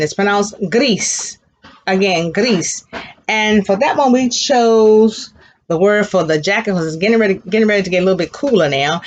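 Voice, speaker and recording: A woman teaching a children's class, slowly drilling words and praising answers. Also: medium pitch. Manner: encouraging praise. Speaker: Spanish teacher. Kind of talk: elementary language lesson.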